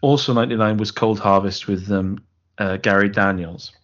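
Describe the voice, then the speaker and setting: A man's voice: fairly low pitch, fairly even intonation, normal speed, fairly bright tone, highs cut off. A man co-hosting a podcast, rambling sarcastically through a film plot and interrupting himself. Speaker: podcast co-host. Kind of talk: casual film-review chat.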